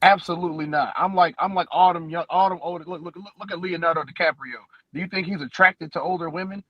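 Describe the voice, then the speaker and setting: A man's voice: a little high, quick pace, dry recording, muffled recording. A man co-hosting a podcast, boasting and mocking in brash banter, repeating his words. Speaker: podcast co-host. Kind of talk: brash trash-talking banter.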